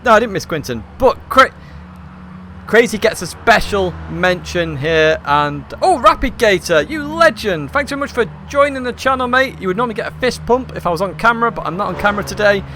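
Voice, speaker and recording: A slightly hoarse man, hosting a live esports race stream from a hot room at home and commentating in a chatty, upbeat, rambling way. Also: sits high, lively intonation, brisk, sharp tone, slight background noise.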